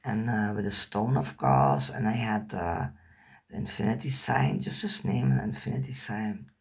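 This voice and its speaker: A woman's voice: a bass voice, expressive, moderate pace, vocal fry, a little mellow, breathy edge. A woman whose first language is Dutch, telling a personal story in English in a candid, rambling way, swearing casually and searching for words.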